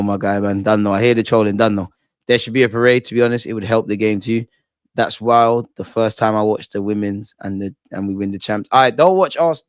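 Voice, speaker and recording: A man's voice: on the low side, smooth, no echo. Young male fan-channel host, slangy and hyped, dry close mic. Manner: excitable, slangy, shouts out viewers. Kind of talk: live watch-along reaction.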